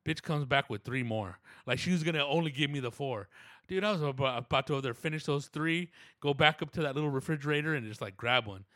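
A man's voice: medium pitch, quick pace, fairly bright tone, dry recording, studio quality. A man telling a rambling, slangy, profane story, dropping into voices of the people in it. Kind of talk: casual storytelling monologue.

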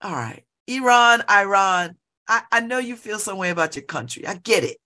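A middle-aged woman chatting casually at home by an open window, laughing often and breaking into animated asides. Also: medium pitch, quick pace. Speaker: vlogger. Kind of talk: casual monologue.

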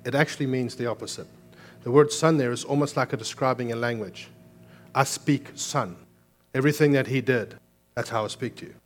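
A man preaching a sermon as pastor, moving between emphatic raised lines and quiet, earnest explanation. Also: medium pitch, quick pace.

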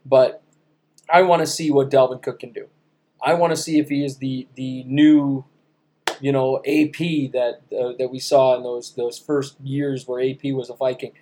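Excitable man in his thirties, sports chat. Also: mid-range voice, moderate pace, a little hiss or hum. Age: 30s. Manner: excitable, playful. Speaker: podcast co-host.

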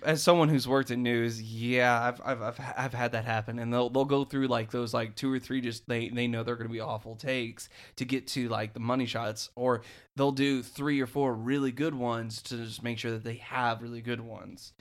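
A man co-hosting a casual chat, halting and restarting often as he talks. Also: mid-range voice, steady tone. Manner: halting, with lots of stammered restarts.

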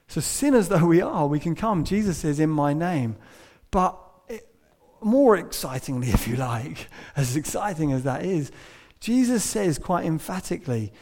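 A man delivering a church sermon, his voice sitting a little high for a man. He tells a story, sometimes dropping to a hush and sometimes pressing a point with emphasis. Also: lively intonation, unhurried. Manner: storytelling, shifting between hushed and emphatic. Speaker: preacher.

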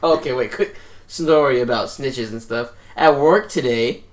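A man's voice: medium pitch, a little slow. A young man in casual chat, telling a work story with lots of swearing, laughter and voices for the people in it. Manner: laughs often, swears, mimics people in stories. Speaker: podcast co-host.

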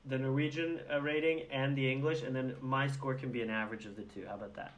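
Man, podcast co-host, halting, jokey, casual. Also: medium pitch, fairly even intonation. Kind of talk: casual movie review chat.

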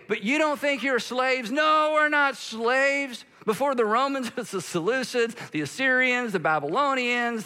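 Bright, high-voiced man preaching. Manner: animated, acts out quoted voices. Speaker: pastor. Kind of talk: sermon.

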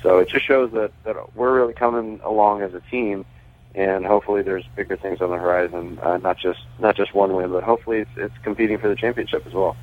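A baseball pitcher who also owns a racing team calls in as a guest on a radio show for a casual phone interview, telling stories chattily, laughing often and restarting sentences. He talks fast in a low, steady voice, heard over a tinny phone line.

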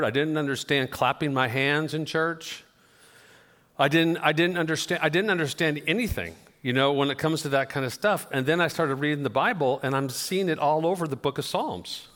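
A pastor preaching a sermon, telling conversational, self-deprecating stories. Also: male voice, on the high side, a bit bright. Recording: long reverb of a church hall.

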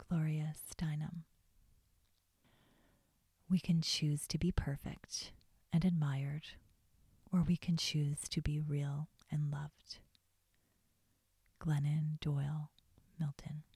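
A woman podcast host talking quietly about her own life in a soft, mostly whispered voice, close to the mic. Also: deep voice, little pitch movement, slow pace, pauses often, breathy edge, no echo. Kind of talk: whispered personal reflection.

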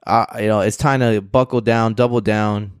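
Animated young man with a dry voice. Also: fairly low pitch, normal speed, clear, resonant tone, no echo. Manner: animated, swearing, slangy, acts out voices. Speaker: podcast co-host. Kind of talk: casual chat.

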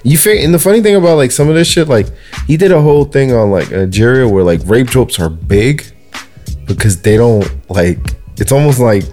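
A man's voice: medium pitch, expressive, a little fast, darkish tone, soft background music. A young man co-hosting a casual podcast chat, rambling with constant "like" fillers and swearing. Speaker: podcast co-host.

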